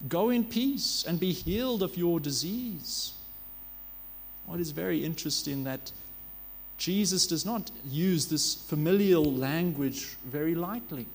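High-voiced man preaching earnestly. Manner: earnest, with frequent self-corrections and rhetorical questions. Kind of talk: sermon.

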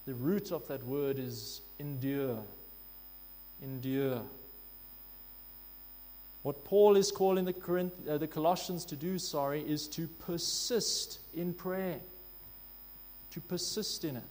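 A man's voice: a little high, takes it slowly, long pauses, darkish tone. A man preaching a sermon in a church hall, emphatic, repeating key phrases for weight. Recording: long hall reverb with faint mains hum.

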